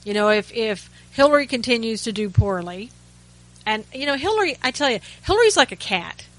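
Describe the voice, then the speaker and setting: A woman hosts a talk radio segment in a chatty, sarcastic commentary style. Her voice is bright and forward, and she often restarts her sentences and drops in wry asides. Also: on the high side, sing-song, a little fast, no room sound, low-quality recording. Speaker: radio host.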